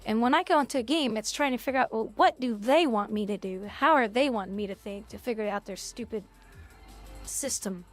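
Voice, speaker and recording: Blunt woman streamer scolding chat, slightly high voice, music faint behind. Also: fairly quick. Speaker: game streamer. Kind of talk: casual live-stream chat.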